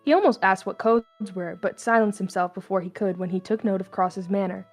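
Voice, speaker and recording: A woman's voice: medium pitch, brisk, soft background music. A young woman reading fan fiction aloud, casual and stumbling, with a mixed accent that slips toward Southern US. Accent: mixed, slipping toward Southern US. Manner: casual, stumbling, laughing asides.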